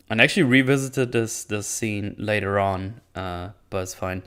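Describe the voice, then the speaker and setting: Smooth-voiced man rambling through a movie recap. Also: fairly low pitch, unhurried, long pauses, a bit bright. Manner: rambling, profane, with frequent restarts. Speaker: movie review channel host.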